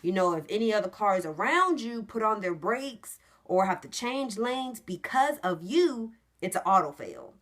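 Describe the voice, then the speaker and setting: A young woman vlogging to camera, telling a story in a casual, animated way that jumps into loud, high re-enactments and drops to hushed asides. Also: normal speed, hardly any pauses. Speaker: trucking vlogger.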